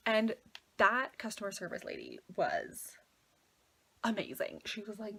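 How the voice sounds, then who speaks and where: A woman's voice: medium pitch, wildly swooping pitch, moderate pace, gravelly, a bit bright, slightly rough. A young woman in her twenties, chatty and filling her talk with "like", casually retelling a travel mishap as a vlogger. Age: 20s. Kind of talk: casual storytelling.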